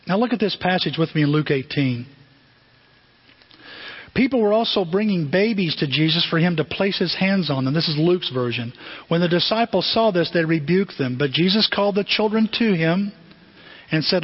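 Male pastor, conversational preacher who asks questions, husky and slightly high voice, muffled lo-fi sound. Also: animated, moderate pace. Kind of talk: sermon. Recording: dull lo-fi sound.

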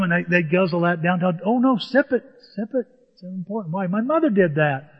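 A middle-aged male pastor preaching a sermon, telling homespun farm stories and swinging from loud to hushed. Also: high-pitched. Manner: folksy storytelling with sound effects, swings from loud to hushed. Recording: dull lo-fi audio with hall reverb.

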